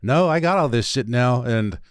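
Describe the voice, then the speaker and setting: A man's voice: medium pitch, lively intonation, normal speed, clean tone, no echo, clean studio sound. A man co-hosting a podcast, mostly giving short agreement and joking interjections in casual chat. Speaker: podcast co-host.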